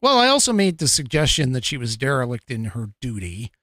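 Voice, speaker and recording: A man's voice: mid-range voice, very animated, brisk, sharp tone, no room sound, studio quality. A man hosting a podcast, talking in a casual, rambling way with lots of fillers, restarts and frequent chuckles. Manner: chuckles often. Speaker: podcast host.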